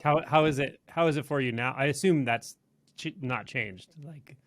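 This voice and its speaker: A man hosting an interview, asking gentle probing questions. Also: mid-range voice, moderate pace. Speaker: host.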